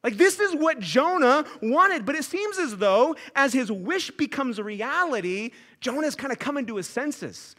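A pastor in his thirties preaches an earnest sermon, rising into emphatic, fervent passages. His voice sits high and carries a bright, forceful edge. He talks in a loose, conversational way, with "like" dropped in often. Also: sing-song, measured pace, few pauses.

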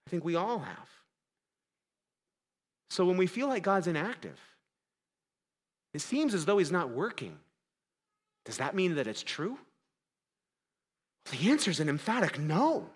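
A pastor preaches to his church in a fairly high voice that drops to near hush and then climbs to urgent emphasis. His delivery is conversational and full of small restarts. The sound carries a long hall reverb, as if captured in a church sanctuary. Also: animated, moderate pace. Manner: dramatic swings between quiet and loud; conversational, self-correcting preaching. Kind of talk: sermon.

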